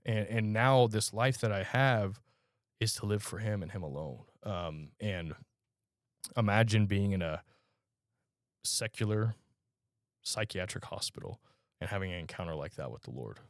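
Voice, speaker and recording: Earnest, halting man with a low voice. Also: no echo, studio quality. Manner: halting, earnest storytelling with frequent pauses. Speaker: podcast guest. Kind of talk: personal testimony in a conversational interview.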